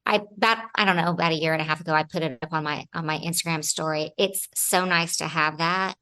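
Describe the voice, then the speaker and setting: A woman, an actress guest, telling animated stories in a casual interview and acting out other people's lines. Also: low-pitched, fast talker, smooth.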